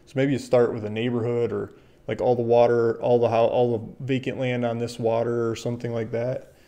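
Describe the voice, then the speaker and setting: A man hosting a casual livestream, chatty and excitable, laughing often and reading viewer comments aloud. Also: mid-range voice, brisk, dull audio. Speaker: livestream host, land dealer.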